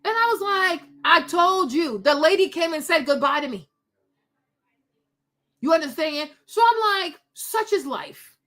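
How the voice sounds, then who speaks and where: A middle-aged woman with a high voice tells a personal story straight to her viewers. She talks in a chatty, animated way, full of asides and quick turns back to her listeners. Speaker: host.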